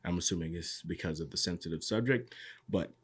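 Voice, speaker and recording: A man's voice: sits low, fairly quick, husky. A man on a podcast, casually recapping an anime episode and acting out the characters' lines as he tells it. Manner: animated storyteller, acts out characters' lines. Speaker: podcast co-host.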